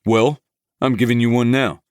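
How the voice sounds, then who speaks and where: A man's voice: medium pitch, fairly even intonation, moderate pace, clear, resonant tone, no echo, studio quality, voice pushed up, lightly acted. A man voicing a sly, smug male billionaire businessman with a mocking, sarcastic manner.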